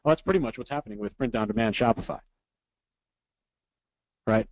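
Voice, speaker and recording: Upbeat instructor who keeps asking "right?". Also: male voice, medium pitch, a little fast, dry recording, rough recording. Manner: repeats "right?" after nearly every point, upbeat and instructive; reads out viewer comments from a live chat. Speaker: online course instructor. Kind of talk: live webinar teaching.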